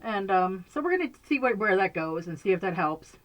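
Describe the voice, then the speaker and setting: A woman's voice: mid-range voice, animated, brisk. Woman, casual home vlog, rambling, many fillers, frequent laughs. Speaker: vlogger. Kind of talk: casual chat to camera. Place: bedroom at home, indoors.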